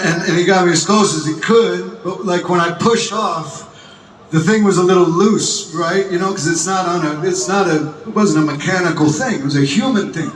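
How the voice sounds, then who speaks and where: A man on an outdoor festival stage tells a rambling story to the crowd, halting and restarting, with laughing asides. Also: high-pitched, reverberant, a little hiss or hum. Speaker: rock singer addressing festival crowd. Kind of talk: onstage storytelling. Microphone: stage microphone through PA. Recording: distant crowd recording over loud PA.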